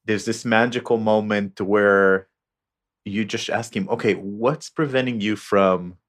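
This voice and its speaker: Low-voiced podcast host. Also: male voice, fairly even intonation, a little slow. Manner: hesitant, restarts while framing questions. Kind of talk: casual podcast interview.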